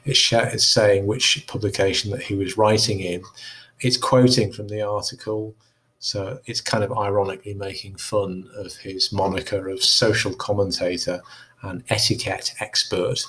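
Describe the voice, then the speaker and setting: A male teacher with a fairly low voice talks students through a model answer. He reads a passage aloud, then breaks it down in a relaxed, explanatory way, with the odd "um" as he thinks. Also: normal speed. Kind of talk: recorded lesson talk-through.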